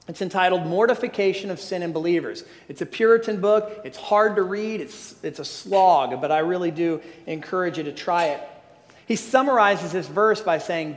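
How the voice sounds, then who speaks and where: A pastor preaching a sermon, earnest and emphatic, often restarting his phrases. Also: sits high. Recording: long hall reverb.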